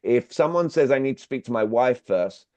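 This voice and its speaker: A workshop speaker hosts an online sales session, speaking plainly to his listeners and quizzing them repeatedly. His medium-pitched voice is mellow and expressive at a moderate pace, and the dull, dry video-call audio has no echo.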